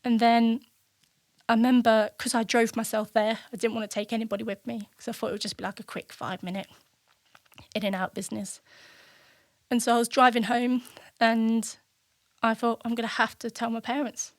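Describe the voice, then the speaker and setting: A woman's voice: on the high side, little pitch movement, fairly quick, no echo. A woman in her thirties from the United Kingdom, a podcast guest telling her personal story in a candid, reflective way and acting out remembered conversations. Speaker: podcast guest, military veteran.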